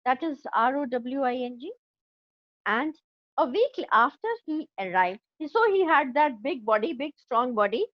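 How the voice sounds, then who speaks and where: A woman's voice: high voice, animated, moderate pace, no echo, muffled recording. A woman teaching an English class, explaining a story line by line with an Indian English accent and checking often that her students have understood.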